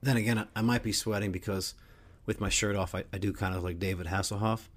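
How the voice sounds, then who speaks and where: A middle-aged man hosts a casual sports podcast with a rambling, joking delivery. He swears freely, and his voice sits slightly low. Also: fairly even intonation, fast talker. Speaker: podcast host.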